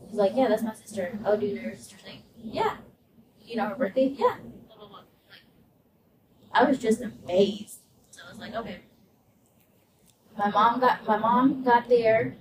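Woman telling a story over loud road noise. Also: on the high side, normal speed, pauses often. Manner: animated, acts out quoted voices. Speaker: podcast host. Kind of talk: casual storytelling. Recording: roomy, distant, loud vehicle noise.

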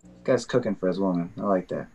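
A man's voice: quick pace, over music. A man chatting casually as a podcast co-host, teasing his friend and leaning on fillers. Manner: teasing, filler-heavy, jumps high in pitch when surprised. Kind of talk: casual chat.

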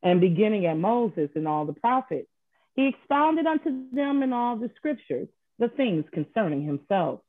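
A woman reading scripture aloud to a class in a measured, formal way. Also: mid-range voice, very animated, no echo. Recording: tinny, dry phone line.

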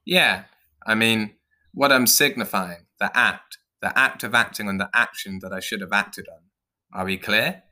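A man's voice: on the low side, moderate pace, sharp tone. A man voicing a nervous, hesitant male mouse who whines and stumbles over his reasons. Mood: whiny. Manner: whining, hesitant. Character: anxious, whiny male mouse.

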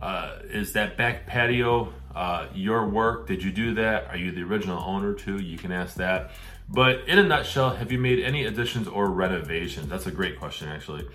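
Male host, middle-aged, low-pitched, chatty advice delivery that acts out buyer questions. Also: normal speed, a bit bright. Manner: conversational, acts out questions to sellers. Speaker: real estate show host. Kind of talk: casual advice talk.

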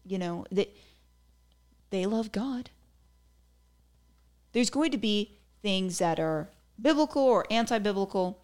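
A woman's voice: mid-range voice, expressive, slow, long pauses, a little mellow. A young woman hosting her own podcast, talking casually on her own, full of "like" fillers and giggly asides. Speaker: podcast host. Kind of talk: casual solo podcast chat.

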